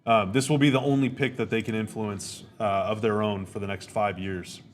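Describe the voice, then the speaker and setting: A man's voice: on the low side, fairly even intonation, moderate pace, slight background noise. A man hosting a podcast, giving casual live reactions to a game, rambling, repeating himself and stating blunt opinions. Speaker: podcast host.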